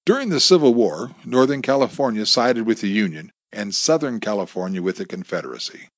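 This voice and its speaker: Gruff taunting male gunman read by a man, mid-high, swinging pitch, dry booth sound. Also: animated, a little fast, no echo. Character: menacing male gunman, cocky storyteller.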